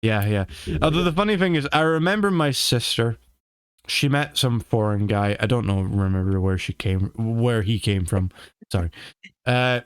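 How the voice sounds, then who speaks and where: A man's voice: on the low side, moderate pace, smooth, dry recording. Laughing, swearing British young man. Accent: British English. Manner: laughs often, swears, loose rambling. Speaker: podcast host. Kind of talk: casual chat.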